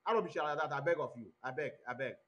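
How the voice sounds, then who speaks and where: A Nigerian-accented man hosts a livestream and comments in an animated way, moving between Igbo and English mid-sentence. His voice sits a little high for a man. The audio is dull and lo-fi. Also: very fast. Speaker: online commentary host.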